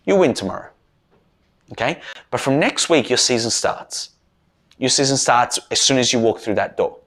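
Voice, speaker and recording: A man, a mental performance coach giving a rousing team talk and leading loud chants. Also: medium pitch.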